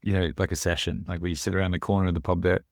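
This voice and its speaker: A man with a very deep voice guests on a podcast. He talks fast and rambles through animated stories, tripping over his own starts. The sound is dry and close. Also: dry recording. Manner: rambling, animated anecdotes with repeated restarts. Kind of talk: casual chat.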